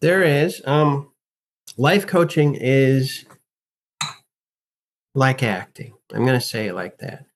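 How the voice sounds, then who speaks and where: A man's voice: medium pitch, slow pace, pauses often, slight background noise. A man talking as a guest in an interview, an acting and life coach who speaks emphatically and animatedly and teaches through rhetorical questions. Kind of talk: casual interview talk.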